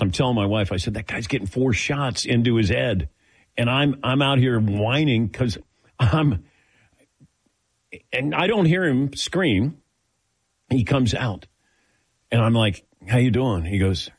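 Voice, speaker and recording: This older man's husky voice sits fairly low as he tells stories at a moderate pace on his sports talk show. He keeps it casual and lively, voicing the characters in the dialogue he relays.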